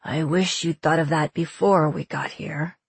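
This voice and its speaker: A woman doing a steady, dry-witted sailor man in a storybook reading, speaking low and unhurried with a flat, understated delivery. The voice sounds husky in a dry, close recording. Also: no room sound, exaggerated voice. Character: calm, dry-humored male sailor.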